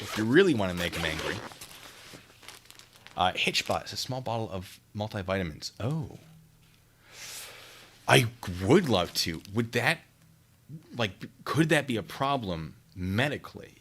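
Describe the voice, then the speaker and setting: A man's voice: on the low side, very animated, normal speed, pauses often, sharp tone, a little hiss or hum. A man chatting casually with his stream viewers while packing care kits, joking and teasing himself. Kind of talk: casual live-stream chat.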